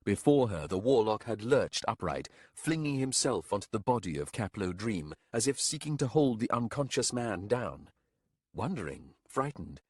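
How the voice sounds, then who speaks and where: A man reading a fantasy audiobook aloud in a measured, low-key narration. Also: husky, no room sound, studio quality. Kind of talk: scripted narration.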